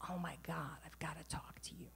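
A woman's voice: low voice, steady tone, fairly quick, gravelly, fairly bright tone, breathy edge, full character voice. A woman voicing her elderly mother, who whispers secretively over the phone.

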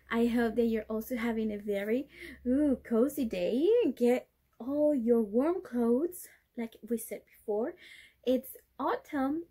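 Slow, breathy teacher for little kids. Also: female voice, high-pitched, darkish tone. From Chile. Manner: slow, sing-song, stretches key words for kids to repeat. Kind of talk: online class for young children.

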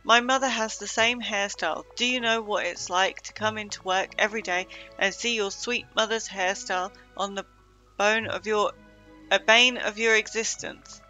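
A woman's voice: medium pitch, fairly even intonation, moderate pace, pushed and bright, faint music behind, close to an everyday voice, poor audio. A woman reading aloud the lines of an anxious, defensive male monster from a game. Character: anxious male one-eyed monster, self-styled talent.

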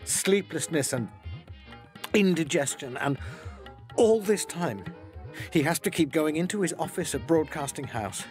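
A man giving scripted narration in a measured, matter-of-fact way. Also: on the high side, animated, a little mellow. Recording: music behind the voice.

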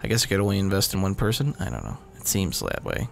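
Very animated and fast, a man's low, gravelly voice carries casual let's-play commentary. The gaming host rambles as he plays, mocks himself and swears a lot, while game sounds and music run in the background.

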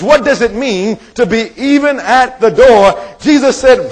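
A male evangelist preaches a sermon to a congregation in a meeting room, his voice sitting high. He moves at a moderate pace with few pauses, speaking emphatically and quizzing listeners with questions, though the audio is poor.

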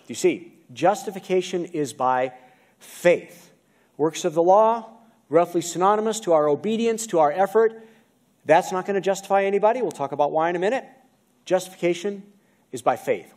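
A man's voice: a little high, darkish tone. A man with an American accent preaching a sermon from the pulpit, asking the congregation questions as he goes. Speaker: pastor. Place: church sanctuary. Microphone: video-recorded pulpit mic.

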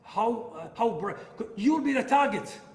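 A man giving an impassioned religious lecture that swells to near shouting at its peaks. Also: very high voice, expressive, unhurried. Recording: echoey hall with long reverb.

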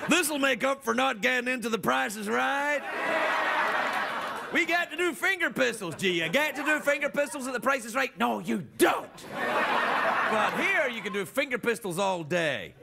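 A man with a Scottish accent delivering a comedy monologue as a late-night talk show host, jokey and animated, often laughing, before a loud studio audience. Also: extremely high pitch, moderate pace, vocal fry, heavy background noise. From Scotland. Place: television studio stage. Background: audience laughing and cheering.

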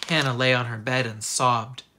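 A teacher reading a children's picture book aloud with expressive narration. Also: mid-range voice, normal speed, a little hiss or hum. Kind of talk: storybook read-aloud.

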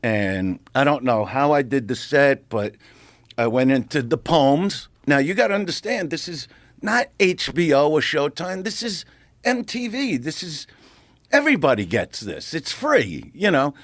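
Lively profane man telling a showbiz story. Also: fairly high pitch, a little slow, no echo. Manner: animated, profane, acts out voices in anecdotes. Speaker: guest comedian. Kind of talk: casual storytelling. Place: podcast studio.

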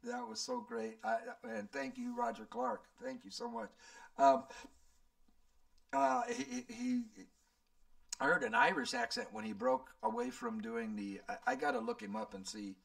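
A man's voice: very high-pitched, sing-song, moderate pace, gravelly, fairly bright tone, distant mic. A man in his seventies, a channel host, rambling and thinking aloud as he answers viewer questions. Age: 70s. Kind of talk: casual Q&A chat.

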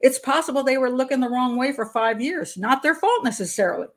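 Older woman, host, frank opinionated commentary, slightly high voice, restarts, laughs between points. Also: a little fast, a bit bright. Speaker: criminal profiler, channel host. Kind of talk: casual commentary monologue.

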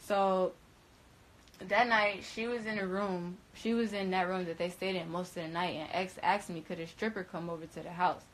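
A young woman telling a story to her viewers in casual, slangy, profane speech, swinging between loud, high outbursts and low, quiet stretches. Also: fairly even intonation, moderate pace, rough recording. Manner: emphatic, slangy and profane, with frequent restarts. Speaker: storyteller recounting events.

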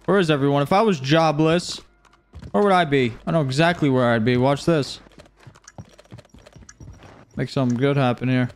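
A man streaming live gameplay, joking around, swearing casually and breaking into whooping shouts. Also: medium pitch, moderate pace, long pauses. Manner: swears casually, talks to chat. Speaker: gaming streamer.

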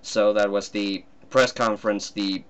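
A man's voice: on the low side, steady tone, unhurried, fairly bright tone, clean tone. A man from Finland, a guest cartoonist talking in a casual commentary chat, hesitant and often breaking into laughs.

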